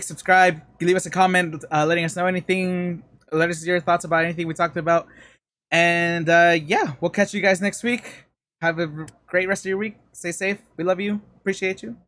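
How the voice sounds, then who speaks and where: Chill podcast guy, kinda high voice, rambly, dry close mic. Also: no echo. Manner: relaxed, rambling with fillers. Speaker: podcast co-host. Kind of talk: casual chat.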